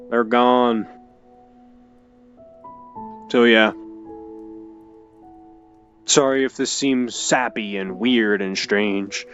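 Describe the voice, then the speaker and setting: A young man telling an emotional personal story, halting and hesitant with many restarts. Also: medium pitch, lo-fi sound. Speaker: video creator.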